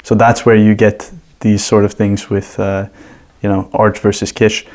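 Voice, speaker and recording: A man's voice: lowish voice, level tone, measured pace, darkish tone. A man as a guest on a podcast, explaining his ideas casually and at length with examples. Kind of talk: casual conversational interview.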